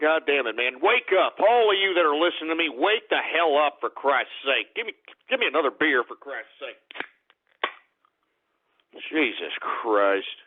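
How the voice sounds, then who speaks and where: A man hosting an internet radio show, ranting at his listeners with constant swearing, swinging between shouting and weary muttering. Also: fairly high pitch, very animated, unhurried, long pauses, slight background noise. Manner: repeats exclamations, addresses listeners as folks. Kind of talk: talk radio rant. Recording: tinny lo-fi phone-like audio.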